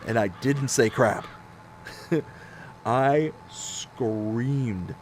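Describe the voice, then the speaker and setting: A man in his thirties telling stories on a casual live game stream, animated and self-mocking. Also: medium pitch, drawn-out words, a little hiss or hum.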